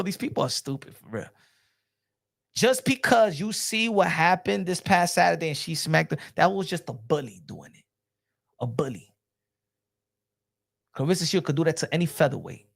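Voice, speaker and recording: This boxing channel host, speaking with a fairly high pitch and vocal fry, rants back at his livestream chat in an exasperated, repetitive, profane way.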